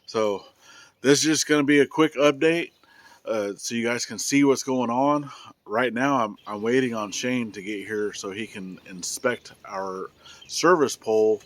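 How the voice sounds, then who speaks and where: A man's voice: on the low side, no room sound. A man giving a casual vlog update outdoors on his homestead, sick and losing his voice, talking in an easygoing drawl with fillers and restarts. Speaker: family homestead vlogger. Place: outdoors on a rural building site.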